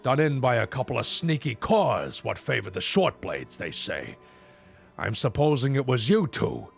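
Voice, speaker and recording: A man's voice: medium pitch, sing-song, moderate pace, vocal fry, soft background music, voice pushed down. A man voicing a greedy, gloating male slaver captain in a game dub. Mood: suspicious. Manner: gloating and taunting.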